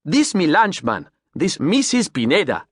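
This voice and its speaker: A boisterous, high-pitched river boat captain with a thick Creole accent, put on by a male audiobook narrator. He talks loudly in short, clipped bursts, and his voice bounces up and down. The sound is close and dry. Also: wildly swooping pitch, unhurried, no room sound, full character voice. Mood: emphatic. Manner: loud, emphatic, clipped broken phrasing.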